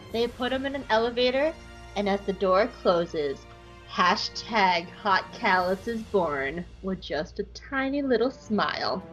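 A woman hosting a podcast, recapping an episode in an animated, jokey way. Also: mid-range voice, poor audio. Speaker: podcast host.

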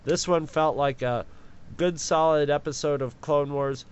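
A man's voice: on the high side, a little slow, clean tone. A man co-hosting a podcast, chatting casually in a dry, rambling way that can sound sarcastic. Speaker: podcast co-host. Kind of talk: casual chat. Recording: slightly dull lo-fi sound.

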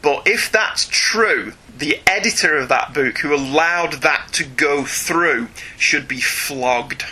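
A man co-hosting a chatty podcast, reading emails aloud and joking along the way. His voice is very bright and a little husky. His pitch leaps around with animated, sing-song energy. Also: slow. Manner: chatty, animated, laughs often, reads aloud. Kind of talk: casual chat.

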